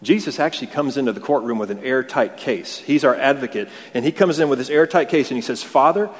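A man's voice: mid-range voice, quick pace. A male pastor preaching a conversational sermon, full of rhetorical questions and repeated words. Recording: long hall reverb.

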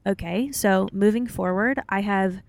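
A woman's voice: mid-range voice, unhurried, creaky, dry recording. A woman co-hosting a podcast, with a mid-range voice and a candid, easygoing, chatty delivery. The sound is dry and close to the mic. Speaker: podcast co-host. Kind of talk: casual chat.

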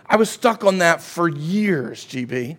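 A man preaching a sermon as pastor, often asking "Amen?" and rising to a shout at his climaxes. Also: on the high side, lively intonation, unhurried, husky.

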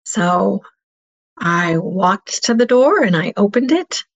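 A woman's voice: medium pitch, lively intonation, takes it slowly, creaky. A middle-aged woman telling a painful personal story as an interview guest, earnest and heartfelt.

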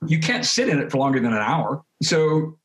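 Animated man in a roomy, echoing space. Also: fairly high pitch. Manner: animated, with quick restarts and repeated words. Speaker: interview guest, creative studio head. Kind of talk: casual conversational interview. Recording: roomy echo.

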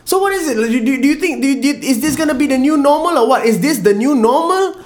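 Young man, Singaporean English accent, podcast host, teasing banter, lively pitch. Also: quick pace. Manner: loud, teasing, animated banter. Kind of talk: casual podcast chat.

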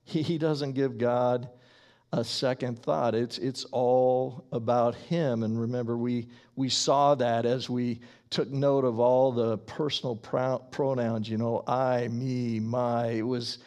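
Slow, gravelly-voiced male preacher. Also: mid-range voice, darkish tone. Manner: slow, emphatic preaching with deliberate pauses. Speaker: pastor. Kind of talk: sermon.

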